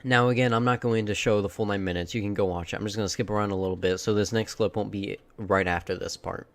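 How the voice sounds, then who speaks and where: A man's voice: on the low side, fairly even intonation, fast talker. Man giving a casual opinionated commentary. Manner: opinionated, mimics the people he quotes. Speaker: commentary host.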